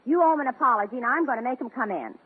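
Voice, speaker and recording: A tart, needling woman who trades sharp quips in a slightly husky, lively voice. She comes through a narrow, tinny 1940s radio broadcast. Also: fairly high pitch, very fast. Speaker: comedy show regular.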